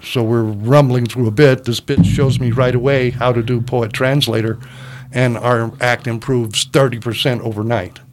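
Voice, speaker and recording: An older man tells a comedy club story in casual conversation. He keeps shifting into the voices of the people he quotes, animated and theatrical. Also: medium pitch, normal speed, background noise. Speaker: guest comic telling a story.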